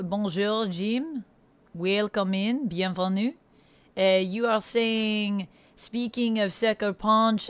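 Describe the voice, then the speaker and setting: A woman streamer voicing a hammy mock French Canadian man, halting and sprinkled with French words. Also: mid-range voice, a bit bright, clean tone. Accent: put-on French Canadian. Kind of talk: livestream chat in a put-on accent.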